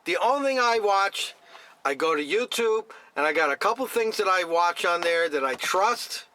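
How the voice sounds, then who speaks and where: A man's voice: sits high, lively intonation, moderate pace, pushed and bright, a little hiss or hum. A middle-aged man from New Jersey ranting straight to camera, blunt and scornful, with a lot of repetition. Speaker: vlogger.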